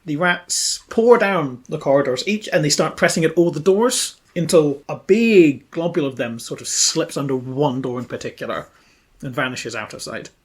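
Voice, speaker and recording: A man's voice: on the high side, normal speed. A man running a tabletop role-playing podcast as game master, narrating scenes and laughing often.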